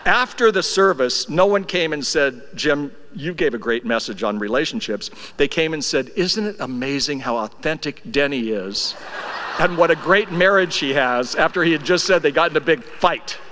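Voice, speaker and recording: A man's voice: fairly high pitch, animated, moderate pace, a little hiss or hum. Older man, eulogy speaker, wry storyteller, reverberant church hall. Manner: storytelling, wry and affectionate, drops soft when emotional. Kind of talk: memorial tribute speech. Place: church sanctuary.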